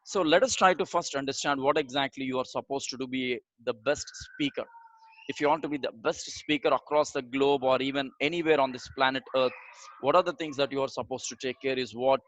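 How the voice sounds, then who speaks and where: A communication trainer teaches a live online class with energetic, motivational delivery, speaking at a medium pitch. He addresses his audience directly and repeats phrases for emphasis, and the audio has its high frequencies cut off.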